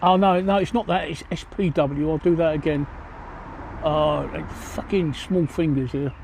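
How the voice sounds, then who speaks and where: An older man with an English accent chats bluntly and jokily with his viewers, his voice sitting a little high yet mellow and dark. He talks into a phone outdoors, with faint street noise behind him. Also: steady tone, moderate pace, gravelly. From England. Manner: blunt, joking, matter-of-fact. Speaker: livestreamer answering viewer chat. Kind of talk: casual chat Q&A. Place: outdoors by a pub. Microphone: cell phone.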